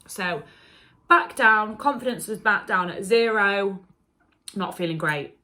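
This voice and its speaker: A woman's voice: mid-range voice, slow, pushed and bright. A young adult woman, telling a candid story-time vlog in a chatty, emotional way. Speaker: beauty vlogger. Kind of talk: casual confessional story time.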